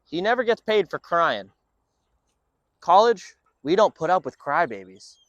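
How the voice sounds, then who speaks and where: Male dog trainer, upbeat explainer with a high lively voice, dry close sound. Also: a little slow, no echo, highs cut off. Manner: upbeat explainer mixing in short firm commands to a dog.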